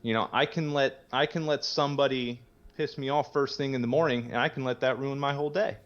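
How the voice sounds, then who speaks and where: A man's voice: medium pitch, fairly even intonation, brisk, muffled recording. A man guest talking candidly in casual conversation, rambling with many fillers, swearing casually and laughing easily. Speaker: podcast guest sharing his recovery story.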